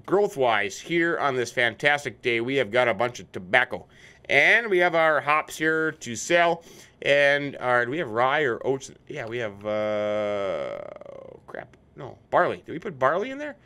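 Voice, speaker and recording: His mid-range voice sounds pushed and bright as this middle-aged American let's play host jokes through a farming game. The casual commentary includes role-play banter with imaginary companions, and faint vehicle noises from the game can be heard.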